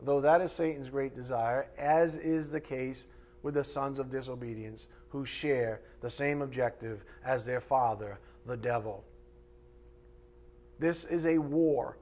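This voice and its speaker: A man's voice: mid-range voice, measured pace, a little mellow. A man preaching a live sermon from a church pulpit, emphatic and conversational with mocking asides. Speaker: pastor.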